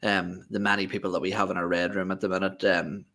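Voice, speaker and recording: A man co-hosting a football fan podcast, talking in long, measured, winding sentences. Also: sits low, little pitch movement, bright, forceful tone. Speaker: podcast co-host. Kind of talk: casual fan show talk.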